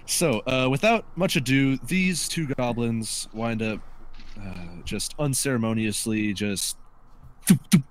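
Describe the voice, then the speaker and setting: A man narrating and ruling as game master of a tabletop game, relaxed and wry, with filler words. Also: medium pitch, slow pace, long pauses, slight background noise.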